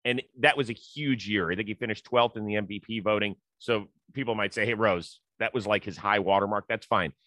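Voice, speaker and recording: Middle-aged sports talk host, dry studio sound. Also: male voice, lowish voice, brisk, few pauses, fairly bright tone, no room sound. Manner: conversational, stat-citing, storytelling.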